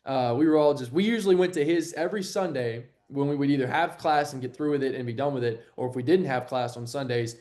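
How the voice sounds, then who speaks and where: Lively young man from Texas. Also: quick pace, few pauses. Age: young adult. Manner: animated storyteller, acts out quotes with a jump in pitch. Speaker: guest, TV sports anchor. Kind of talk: casual interview chat.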